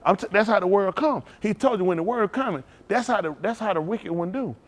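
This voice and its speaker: A man preaching a sermon, rousing and conversational, swinging between loud calls and hushed asides. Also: high voice, brisk. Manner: rousing call-and-response preaching, Southern Black church cadence. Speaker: pastor.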